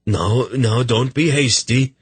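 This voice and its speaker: A man's voice: lowish voice, expressive, normal speed, a bit bright, slightly rough, no echo, pitched above the performer's own voice. A man voicing a nervous, sly small king with a rat-like face, who talks hastily to placate and then asserts himself stiffly. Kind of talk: audiobook character voice.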